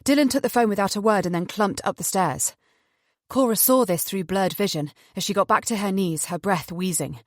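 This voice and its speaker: A woman narrating a thriller audiobook in a measured, even storytelling manner. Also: medium pitch.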